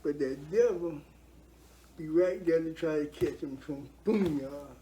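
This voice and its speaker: Older man with a warm, dark tone, speaking earnestly in a heartfelt testimony and leaning on repetition. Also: on the high side, measured pace, slight background noise. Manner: earnest, preachy, repeats himself for emphasis.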